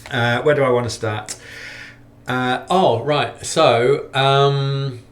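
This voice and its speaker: A man's voice: mid-range voice, fairly even intonation, takes it slowly. A middle-aged man hosting a casual hiking vlog roundup, friendly and rambling with lots of fillers. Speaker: hiking challenge organiser and vlogger.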